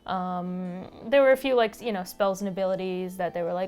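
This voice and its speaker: A woman's voice: lowish voice, brisk, few pauses, a little mellow. A woman co-hosting a gaming podcast, talking casually with lots of fillers and restarts. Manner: chatty, many fillers and restarts. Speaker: podcast co-host.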